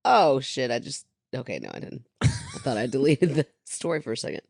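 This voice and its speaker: Gravelly, lively woman joking on a podcast. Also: very deep voice, a little fast, no echo. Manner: joking, playful. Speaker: podcast co-host. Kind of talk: casual chat.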